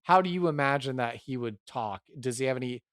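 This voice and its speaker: A man's voice: mid-range voice, fairly quick, a bit bright, dry recording, clean studio sound. A man running a tabletop game, chatting casually and rambling with many fillers as he brainstorms a character. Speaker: game master.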